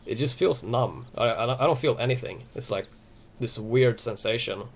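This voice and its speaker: A man's voice: mid-range voice, moderate pace, slight background noise. Rambling young man streaming a game. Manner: rambling, many restarts and fillers, swearing freely. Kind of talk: casual live-stream chat.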